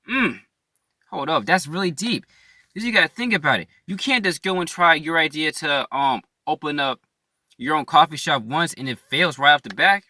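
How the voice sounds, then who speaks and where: A man's voice: fairly high pitch, expressive, moderate pace, sharp tone, no room sound. A young man giving a casual motivational talk, earnest and slangy, repeating his points and asking "right?" as he goes. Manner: slangy, calls listeners "bro". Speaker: motivational YouTuber.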